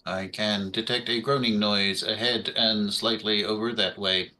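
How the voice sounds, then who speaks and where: A man's voice: on the low side, fairly even intonation, unhurried, pushed and bright. A man voicing a polite, formal robot drone assistant in a tabletop game, speaking in stiff, courteous machine phrasing. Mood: dutiful. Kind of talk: tabletop role-play in character.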